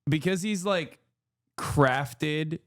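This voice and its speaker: A man's voice: on the high side, drawn-out words, a bit bright. A man in casual, joking conversation on a live stream, laughing often.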